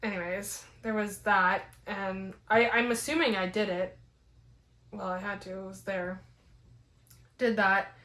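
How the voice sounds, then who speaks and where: A young woman telling a rambling, animated story in a casual vlog, full of "like" fillers. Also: medium pitch, measured pace, long pauses. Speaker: fitness vlogger. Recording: roomy echo.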